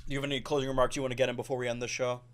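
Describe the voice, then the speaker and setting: A man's voice: medium pitch, flat delivery, very fast. Man, twenties, podcast host, rambling casual chat, lots of filler words. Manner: rambling, self-correcting, lots of "like".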